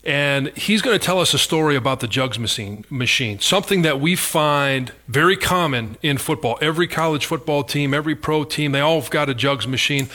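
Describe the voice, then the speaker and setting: A man's voice: a little high, brisk, hardly any pauses, sharp tone. A man hosting a sports talk show, upbeat and conversational. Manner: upbeat, conversational, some fillers. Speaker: host.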